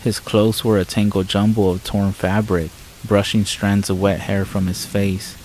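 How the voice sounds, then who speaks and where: A man reads a scripted horror story in the first person, measured and somber. His voice sits low with a flat, even melody. Soft rain patters faintly behind him. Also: a little hiss or hum, rough recording. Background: faint rain sounds.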